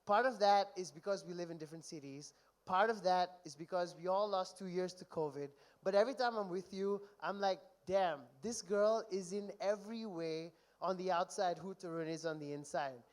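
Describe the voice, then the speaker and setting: A young man giving a best man speech at a wedding reception, telling stories and reading texts aloud in an animated way. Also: sits high. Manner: animated storytelling, mock-reads texts aloud.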